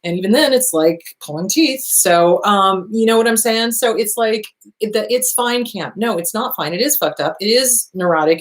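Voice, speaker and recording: Middle-aged woman therapist, blunt and swears a lot, lively advice chat, normal pitch. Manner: blunt, animated, swears freely, reads questions aloud. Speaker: therapist answering viewer questions. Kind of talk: casual advice talk show.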